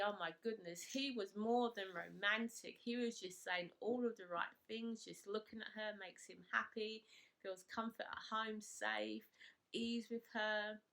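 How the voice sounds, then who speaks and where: A woman's voice: medium pitch, normal speed, vocal fry, fairly bright tone. A woman vlogger chatting casually and enthusiastically as she recaps a reality show, with lots of "kind of, like" fillers.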